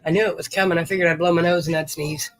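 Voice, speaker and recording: A man's voice: fairly high pitch, fairly even intonation, racing, dry recording, low-quality recording. A man hosting a livestream, chatting easily with viewers and greeting them by name. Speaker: livestream host. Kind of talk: casual chat with viewers.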